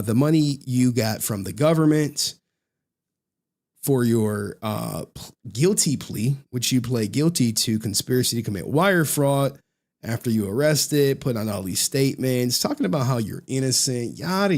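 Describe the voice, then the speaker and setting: A man's voice: medium pitch, expressive, unhurried, a little mellow. A man doing reaction commentary on a channel, mocking and laughing often as he talks. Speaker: YouTube commentator.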